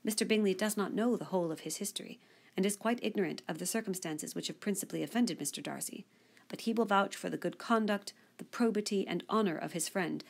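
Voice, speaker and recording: A woman reading the lines of a gentle, sweet-tempered young woman who speaks earnestly in an audiobook. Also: mid-range voice, gravelly, breathy edge.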